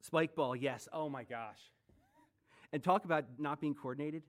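A man's voice: a little high, normal speed. A man in his forties preaching a sermon as pastor, conversational, with joking asides and rhetorical questions. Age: 40s.

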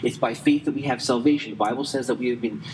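A man preaching a sermon conversationally, quick in places and slow and emphatic in others, saying he is losing his voice. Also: medium pitch, a little mellow, in a large hall, a little hiss or hum, rough recording. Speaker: pastor.

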